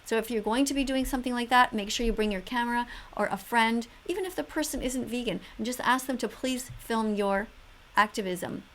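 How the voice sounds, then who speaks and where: A woman's voice: on the high side, fairly quick, few pauses. A woman commenting on videos in an earnest, emotional way, close to tears. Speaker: vegan activist vlogger.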